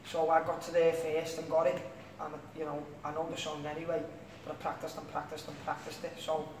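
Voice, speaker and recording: A man's voice: a little high, completely flat delivery, a little fast. A young man with a Liverpool accent, a singer chatting casually as an interview guest, rambling and full of "you know what I mean". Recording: echoey room, distant mic, faint noise.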